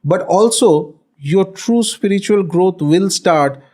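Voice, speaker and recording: A man's voice: high-pitched, slow, darkish tone. A man with an Indian accent, a spiritual teacher explaining and telling a story in a conversation, often checking in with "okay".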